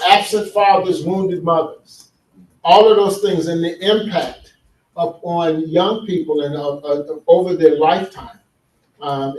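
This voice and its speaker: A man's voice: fairly high pitch, a little mellow. Man telling stories in an echoey hall. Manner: earnest, storytelling, asks the audience questions. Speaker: speaker. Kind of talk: conference talk on men's healing. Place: large hall with an audience. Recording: echoey hall, speaker far from mic.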